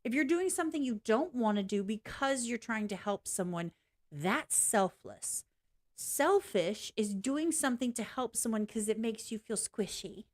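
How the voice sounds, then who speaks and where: A woman's voice: a little high, expressive, normal speed, hardly any pauses, a little mellow. Blunt, chatty woman ranting on stream. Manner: candid, blunt, swears freely, laughs often. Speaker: live streamer. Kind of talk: casual ranting livestream chat.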